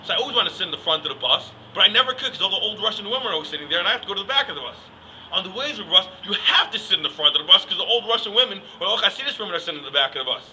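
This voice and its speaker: Fast, bright-voiced young man ranting. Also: high voice, animated, slight background noise, low-quality recording. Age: young adult. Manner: rambling, joking, full of "like" and "I mean". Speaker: yeshiva student comic. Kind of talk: casual comedic rant.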